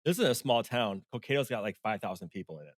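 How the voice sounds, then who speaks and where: Man, podcast host, relaxed and curious, dry close sound. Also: lowish voice, fast talker, no echo. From Minnesota. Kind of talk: casual interview.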